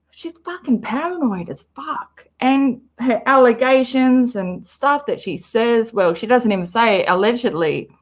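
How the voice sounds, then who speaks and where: A woman with an Australian accent, chatting bluntly and casually as she reacts to a podcast for her stream, swearing freely. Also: fairly high pitch. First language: English.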